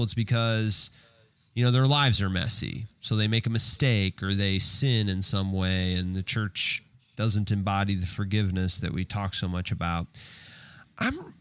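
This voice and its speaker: A man's voice: on the low side, fairly bright tone, dry recording. A man hosting a podcast, asking his guest questions in a thoughtful, conversational way. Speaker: podcast host. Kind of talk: casual interview talk.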